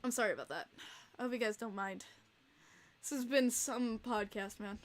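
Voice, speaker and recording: A woman's voice: a little high, moderate pace. A woman hosting a casual livestream podcast, talking emotionally and rambling with many fillers and restarts. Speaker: podcast host and streamer.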